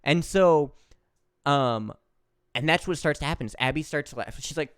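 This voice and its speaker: A man's voice: fairly high pitch, moderate pace, smooth, no room sound, clean studio sound. A man co-hosting a podcast, telling a funny family story in a playful, casual way. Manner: animated, playful. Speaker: podcast co-host.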